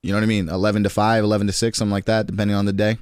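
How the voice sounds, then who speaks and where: A man's voice: on the low side, little pitch movement, darkish tone, clear, resonant tone, no echo, clean studio sound. Rambling young man chatting on stream. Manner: rambling, slangy, quick restarts. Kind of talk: casual stream chat.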